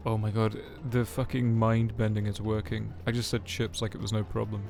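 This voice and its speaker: A man commentating casually on his game stream, sweary and joking between remarks. His voice sits at a middling pitch with a gravelly edge, and game music plays faintly behind. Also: flat delivery, fairly quick, few pauses, a little mellow.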